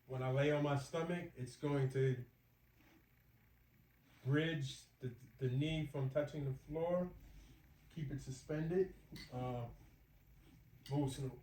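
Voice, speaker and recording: Slow-talking man counting exercise reps. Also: a little high, fairly even intonation, dark tone, roomy sound, distant mic, low-quality recording. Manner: counting reps aloud, straining, slow and deliberate. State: exerting himself. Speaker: vlogger doing knee rehab exercises. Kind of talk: casual exercise vlog narration. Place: home room, lying on the floor.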